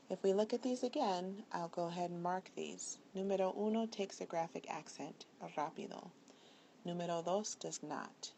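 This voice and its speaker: A woman teaching Spanish in a recorded video lesson, dictating words carefully and deliberately. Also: lowish voice, vocal fry, dark tone, a little hiss or hum.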